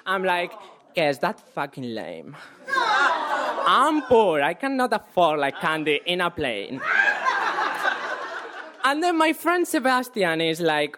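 A man telling a story on stage at a live show, animated and swearing, laughing through his lines. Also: high voice, slow pace, pauses often, over a noisy crowd, very noisy.

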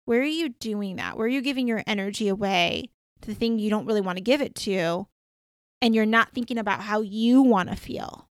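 A woman podcast host and coach telling a story in a casual, chatty way, full of "like"s and lively retelling. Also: mid-range voice, brisk, dry recording, studio quality.

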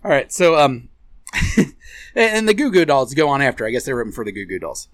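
Lively, profane man telling a story. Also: mid-range voice, a little fast, pauses often, dry recording. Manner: rambling, profane, laughs often. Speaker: podcast co-host. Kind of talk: casual storytelling chat.

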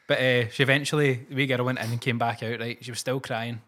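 A Scottish man co-hosting a podcast, telling stories in casual chat and mimicking shrill voices. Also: fairly even intonation, quick pace, fairly bright tone. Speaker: podcast co-host.

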